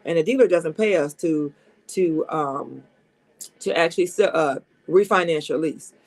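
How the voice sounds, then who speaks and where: A woman's voice: low-pitched, unhurried. A woman who works as a car salesperson, giving casual advice from her desk at a dealership. She is coming down with a cold, and she talks in an emphatic, chatty way, repeating her key points. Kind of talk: casual advice talk to camera.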